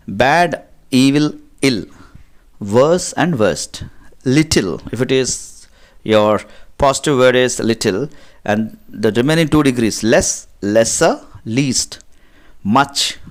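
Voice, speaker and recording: Indian guy teaching grammar, slow sing-song word lists, mid-pitched voice. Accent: Indian English. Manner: reads word lists slowly, stretching and repeating words with rising and falling pitch. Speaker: English teacher. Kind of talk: classroom grammar lesson.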